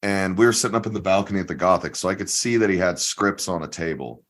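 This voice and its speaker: Animated man telling a story. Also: sits low, fast talker. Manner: animated storyteller, acts out quotes, laughs often. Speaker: podcast co-host. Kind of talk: casual storytelling chat.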